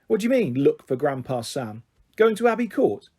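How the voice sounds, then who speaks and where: A man's voice: fairly high pitch, big pitch swings, moderate pace, mellow, breathy edge, exaggerated voice. A man voicing a young, self-centred boy in a storybook reading, eager and prone to stammering. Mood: pleading.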